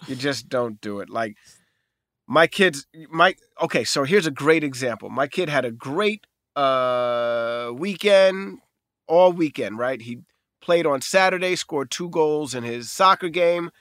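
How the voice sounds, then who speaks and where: A man co-hosting a podcast, telling animated stories in casual chat, jumping his voice up high to play other people. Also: unhurried, no echo, clean studio sound. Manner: animated storyteller, jumps high for voices, emphatic. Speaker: podcast co-host.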